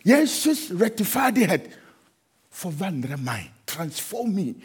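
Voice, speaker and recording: A man's voice: high-pitched, big pitch swings, takes it slowly, darkish tone, husky. A middle-aged man preaching a sermon, not a native English speaker, often slipping into sung, chanting refrains. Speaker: pastor.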